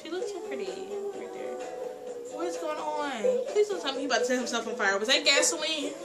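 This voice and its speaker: A woman's voice: high-pitched, fairly quick. A woman giving casual reaction commentary on a music video, chatty and exclaiming, often breaking into laughter. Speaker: reaction vlogger. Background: music video song playing.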